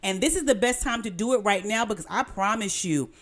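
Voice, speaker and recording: A woman co-hosts a relaxed podcast, and her pitch moves up and down in a lively way. She talks straight to her listeners, calling them y'all and guys as she chats. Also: fairly quick. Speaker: podcast co-host. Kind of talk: casual podcast chat.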